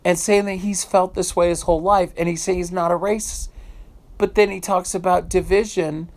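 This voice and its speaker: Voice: medium pitch, steady tone, normal speed, darkish tone. A vlogger from the United States giving an emotional, unscripted rant, indignant and swearing freely, often repeating phrases while searching for words.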